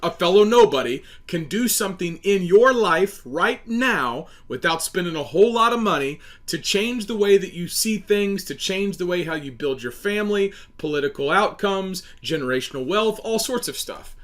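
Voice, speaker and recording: A man's voice: high voice, animated, moderate pace, hardly any pauses, fairly bright tone. A man hosting a political monologue, speaking emphatically and preachily, sometimes stumbling over words. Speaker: host.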